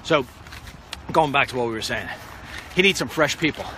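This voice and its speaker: In this walk-and-talk vlog, a man strolls outside past street traffic and talks directly to the camera, giving a blunt, rambling political monologue. He's a political commentator with an expressive, mid-range voice at a moderate pace.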